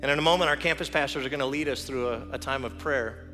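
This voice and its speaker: A male teaching pastor giving an earnest sermon, telling a personal story and leading a quiet prayer, recorded in a church sanctuary. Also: mid-range voice, fast talker. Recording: church hall reverb with music.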